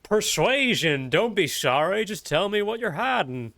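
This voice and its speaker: A man voicing a crude, folksy cartoon redneck in a slow hillbilly drawl while playing a game. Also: high-pitched, sing-song, fairly bright tone, dry recording, voice pushed up, exaggerated voice. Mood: mock-grave. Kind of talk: joking character voice while playing.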